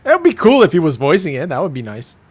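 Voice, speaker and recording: Male host, casual chat, animated delivery with a lively pitch range. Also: fast talker, husky. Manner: animated, repeats phrases. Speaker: podcast host.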